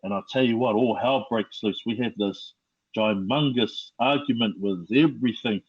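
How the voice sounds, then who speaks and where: A middle-aged man with a New Zealand accent, telling his life story as a podcast guest in a slow, reflective way with many fillers. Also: lowish voice, husky, muffled recording. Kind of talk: personal testimony.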